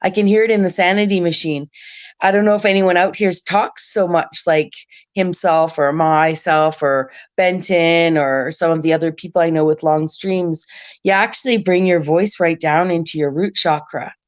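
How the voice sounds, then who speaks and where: A woman hosting a casual live-streamed panel chat, talking at length with a raspy smoker's voice and lots of restarts. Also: on the low side, fairly even intonation, normal speed. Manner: rambling, talkative, many restarts. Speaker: stream host. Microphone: remote stream call.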